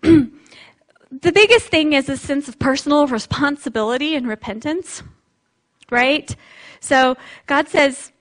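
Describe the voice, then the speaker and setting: A woman's voice: high voice, a bit bright. A woman preacher giving a sermon in a conversational, reflective way, with light laughs.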